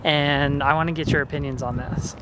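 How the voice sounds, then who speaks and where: Animated young man telling stories outdoors. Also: on the high side, a little fast. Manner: animated storytelling with laughs. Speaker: vlogger. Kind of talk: casual vlog chat. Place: outdoors on a busy street. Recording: faint street noise outdoors.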